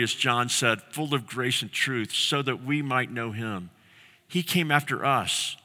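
Bright-voiced male pastor preaching in a hall. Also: on the high side. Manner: earnest storytelling preacher, slows down on key phrases. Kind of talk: sermon.

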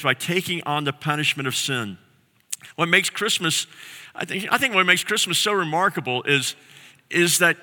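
A man preaching a sermon as pastor, telling a story earnestly and slowing down on key phrases. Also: on the high side, bright, forceful tone, big-room sound.

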